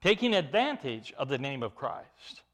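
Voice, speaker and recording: A man's voice: medium pitch, very animated, moderate pace, fairly bright tone. A man preaching an expository sermon as pastor, earnest and emphatic, often repeating and restarting his phrases.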